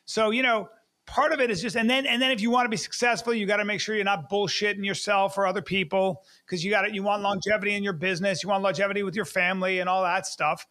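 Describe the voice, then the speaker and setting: A man's voice: sits high, fairly even intonation, fast, pushed and bright. A middle-aged man hosting a podcast, talking in a casual, emphatic way and often repeating words as he works toward his point. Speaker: podcast host. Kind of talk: casual interview chat.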